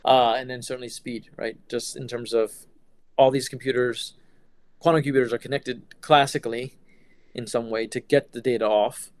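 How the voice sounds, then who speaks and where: A man's voice: mid-range voice, level tone, normal speed, smooth, dry recording. A middle-aged man answering interview questions about his engineering work in a casual, hesitant way with many fillers and restarts. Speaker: quantum computing engineer.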